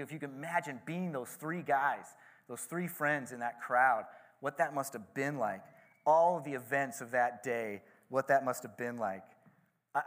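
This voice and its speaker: A pastor giving a sermon, retelling a story casually with frequent asides. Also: male voice, medium pitch, fairly bright tone.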